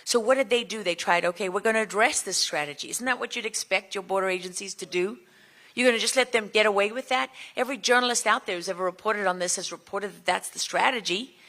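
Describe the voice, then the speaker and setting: A woman's voice: medium pitch, fast talker, a bit bright. A woman giving an impassioned speech at a summit, firing rhetorical questions at the crowd. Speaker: speaker at a border summit.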